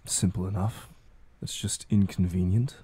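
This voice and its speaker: A man voicing a calm, cold woman mind mage in armor, in a tabletop horror game. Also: deep voice, normal speed, slightly rough. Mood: dismissive.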